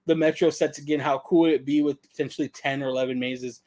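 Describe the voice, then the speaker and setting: A man's voice: fairly high pitch, steady tone, quick pace, a little mellow. A man co-hosting a casual live-stream chat, laid-back and slangy. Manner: laid-back, says "dude" and "dope". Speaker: podcast co-host.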